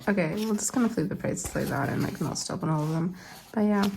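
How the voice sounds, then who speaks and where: A woman's voice: on the low side, fairly quick, creaky, noisy background. A woman chatting casually as she unboxes and shows off her album collection, gushing and rambling with little laughs. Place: at home, living in London.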